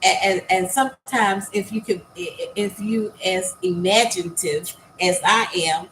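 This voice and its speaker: Slow, halting older woman vlogger. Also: medium pitch, a bit bright, rough recording. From United States. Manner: halting, many fillers and repeated words; earnest and heartfelt. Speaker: new YouTube content creator. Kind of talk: casual vlog talk to viewers. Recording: faint background noise.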